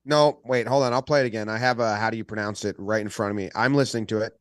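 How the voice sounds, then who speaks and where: A man's voice: fairly low pitch, quick pace, dry recording. Joking man on a dry mic. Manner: joking, lively, plays with silly accents. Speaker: podcast co-host. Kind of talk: casual sports podcast banter.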